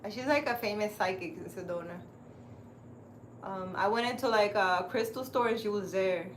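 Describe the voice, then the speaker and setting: This is a casual live-stream chat from a woman who hosts a spiritual healing channel, animated and frequently laughing with viewers. Her voice is mid-range at normal speed, with slight background noise.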